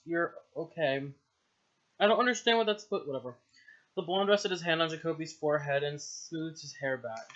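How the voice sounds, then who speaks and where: Casting: self-mocking, giggly man reading his old story aloud, high and bright, dull lo-fi home recording. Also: lively intonation, moderate pace. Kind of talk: casual story reading with comic asides.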